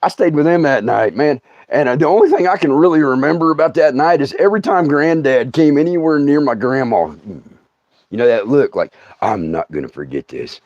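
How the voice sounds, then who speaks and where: A middle-aged man with a drawl tells stories from his youth in an animated way. He laughs often and acts out the scenes. His voice sits a little high and swings widely in pitch. The sound is dry and close. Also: fairly quick, dry recording, dull audio. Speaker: storyteller host. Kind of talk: comic storytelling livestream.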